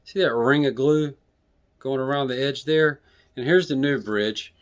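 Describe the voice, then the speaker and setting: A man's voice: medium pitch, unhurried. Plainspoken man rambling over guitar work. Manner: rambling, plainspoken, self-deprecating. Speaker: guitar vlogger. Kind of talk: casual how-to video.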